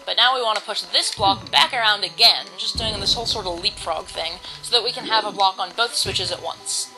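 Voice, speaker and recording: Talking fairly quickly in a mid-range voice, a woman hosts a let's play, giving loose, rambling commentary packed with ums and false starts. The recording is rough, with game music audible behind her.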